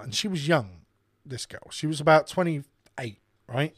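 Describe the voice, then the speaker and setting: A man's voice: fairly high pitch, animated, measured pace, slightly rough, no room sound. A man on a casual podcast, telling a heated, sweary anecdote and acting out the people in it. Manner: heated, sweary storyteller who acts out the people in his story. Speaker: podcast co-host and radio presenter. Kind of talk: casual chat, ranting anecdote.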